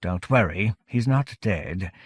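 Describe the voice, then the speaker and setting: A man voicing an unseen, soft-spoken captor in an audiobook, with a breathy, wispy voice and a calm, courteous menace. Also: deep voice, slow, no room sound, clean studio sound, full character voice. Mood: polite, menacing. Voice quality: breathy, insubstantial as wind.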